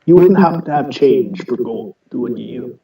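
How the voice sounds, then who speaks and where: A man's voice: mid-range voice, animated, moderate pace, distant mic, dull audio. A man playing a tabletop game, speaking hesitantly and stammering as he plays his character. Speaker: player. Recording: roomy, from off mic.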